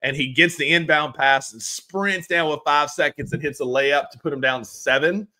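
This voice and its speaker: Young man, podcast co-host, bright tense voice, animated, lots of "like". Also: on the high side, moderate pace. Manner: animated storyteller, repeats "like" often. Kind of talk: casual chat.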